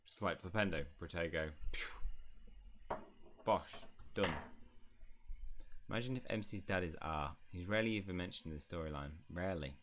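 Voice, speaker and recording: A man's voice: low voice, fairly quick, a bit bright. A man, a gaming YouTuber, giving jokey, rambling let's-play commentary. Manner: jokey, rambling asides while playing.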